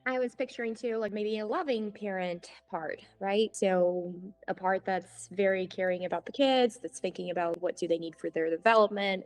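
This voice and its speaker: A woman's voice: mid-range voice, moderate pace, hardly any pauses. A woman therapist in a panel discussion, thinking aloud about examples.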